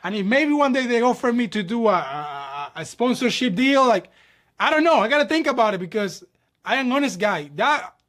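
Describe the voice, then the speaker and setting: This young New York ballet dancer and channel host has a very high-pitched, sing-song, slightly bright voice and talks a little fast. He chats casually and animatedly, acting out dialogue and greeting viewers as "my people."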